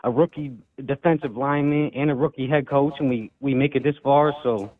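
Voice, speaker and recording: A man calling in to a sports show, talking calmly and reflectively, disappointed but even-tempered. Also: medium pitch, a little fast. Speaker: caller. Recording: tinny phone line.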